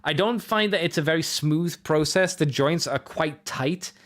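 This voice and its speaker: A man's voice: a little high, measured pace, fairly bright tone. A man hosting a podcast, chatting casually in a rambling, self-correcting way as he reviews toys. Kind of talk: casual solo review chat.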